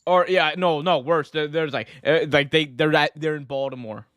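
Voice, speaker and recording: A man hosts a casual podcast, ranting and joking with lots of energy. His voice sits fairly high for a man. The recording is dry and close to the mic. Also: normal speed, clean tone, no room sound. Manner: animated, joking rants with mock voices. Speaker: podcast host. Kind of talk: casual chat.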